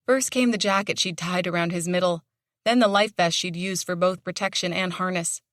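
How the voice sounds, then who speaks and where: A woman reads an audiobook in a measured storytelling manner. Her voice sits on the low side. The recording is dry, with no echo. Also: a bit bright. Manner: measured storytelling with dramatic tension. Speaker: audiobook narrator. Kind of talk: scripted narration.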